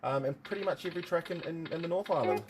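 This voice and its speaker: A man's voice: a little high, expressive, fast. Man, New Zealand accent, casual livestream host, chatty, rambling, faint background noise. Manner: rambling, chatty, jokey asides to viewers. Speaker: livestream host and motorsport commentator.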